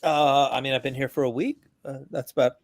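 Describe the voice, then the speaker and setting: A veteran calling in to a podcast, talking casually in an animated, joking, profane rant. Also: male voice, mid-range voice, fairly quick, no room sound, clean studio sound. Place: abroad, remote from the hosts.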